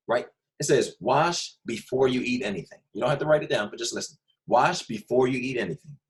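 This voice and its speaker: Upbeat man teaching a kids' class. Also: medium pitch. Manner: upbeat, joking, talks straight to kids by name. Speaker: second grade teacher. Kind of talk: online class lesson.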